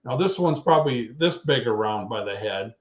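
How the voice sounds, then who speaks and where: A man in his sixties spins loose, lively stories, slipping into other people's voices as he goes. His voice sits at an ordinary pitch. It comes through a roomy, echoey line with a muffled, dull tone. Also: normal speed. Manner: rambling, animated storyteller who acts out quotes. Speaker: guest, retired pro wrestler. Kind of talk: anecdotal storytelling. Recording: echoey, dull remote call audio.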